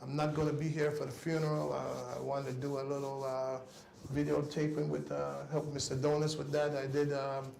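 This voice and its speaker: A man speaking as a guest on a cycling talk show, giving an earnest, halting spoken tribute that often trails off softly. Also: medium pitch, level tone, gravelly, roomy sound, a little hiss or hum.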